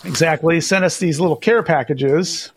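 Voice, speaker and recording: A man's voice: a little high, normal speed, slight background noise. A man co-hosting a podcast in upbeat, agreeable casual chat. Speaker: podcast co-host.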